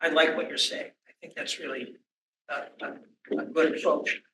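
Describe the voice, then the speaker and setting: A man speaking on a conference panel, talking in halting phrases with many restarts. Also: on the high side, level tone, sharp tone, slight background noise. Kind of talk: panel discussion. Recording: echoey room from a distance.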